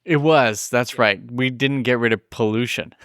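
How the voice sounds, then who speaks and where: A Canadian man co-hosting a podcast in relaxed chat, slipping dry jokes into the talk. His voice is smooth and resonant, mid-pitched. It is recorded close up in a dry space. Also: normal speed, no room sound. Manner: joking, dry banter. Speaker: podcast co-host. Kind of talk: casual chat.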